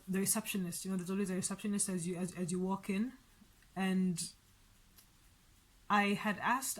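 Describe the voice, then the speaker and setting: A woman vlogger telling a story about her day in a chatty, rambling way, with frequent restarts and light laughs. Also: mid-range voice. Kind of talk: casual storytelling vlog.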